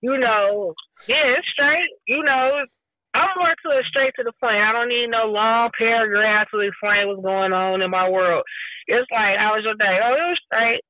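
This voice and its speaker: A woman's voice: on the high side, moderate pace, phone-quality sound, noisy background. A woman in her forties, a guest who hosts her own podcast, chatting casually in a blunt, slangy way and laughing easily.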